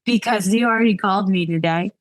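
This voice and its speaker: A woman voicing a very drunk, loud young woman who talks in a wobbly, sing-song way during a romance novel reading. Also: medium pitch, fast, no echo, clean studio sound, natural voice. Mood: drunk giddy.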